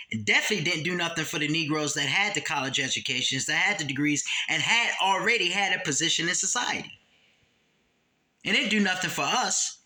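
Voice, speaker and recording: A man giving a blunt, profane, preachy monologue, quoting scripture and swinging between raised emphasis and low, dropped-voice warnings. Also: sharp tone. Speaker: religious commentator.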